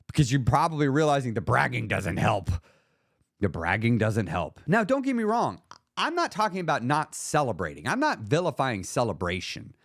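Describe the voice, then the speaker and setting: Animated man hosting a solo podcast. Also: medium pitch, no room sound, studio quality. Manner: animated, emphatic, acts out quoted voices. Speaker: podcast host and weight loss coach.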